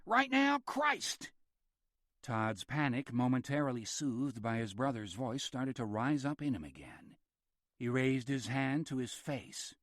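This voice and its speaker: A male narrator reads a horror audiobook at a measured, steady pace in a mid-range voice. It's scripted narration, recorded dry and close-miked with no room around it.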